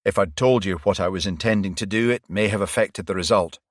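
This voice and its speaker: A man reading a steady police detective in a low, calm voice that stays close to his own. The sound is dry and close-miked. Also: fairly quick, no echo.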